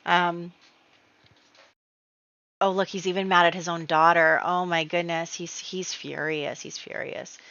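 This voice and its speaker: A woman's voice: on the low side, little pitch movement, a bit bright. A woman casually narrating her gameplay story, chatty and full of fillers. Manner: chatty, storytelling with many fillers and quick acted quotes. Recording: dull, lo-fi home mic.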